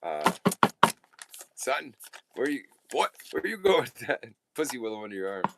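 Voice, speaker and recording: Drawling old country man on a rocking chair, calm and folksy, a touch louder than his storyteller, as a man puts him on in a joke. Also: mid-range voice, normal speed, creaky, noisy background.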